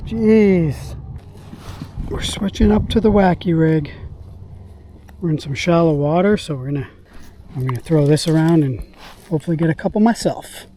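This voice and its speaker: Excitable high-voiced fishing vlogger man. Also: moderate pace, long pauses, a little hiss or hum. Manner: excitable, bursts of exclamations while landing fish. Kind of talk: casual on-the-water commentary. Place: outdoors on a lake or river from a kayak.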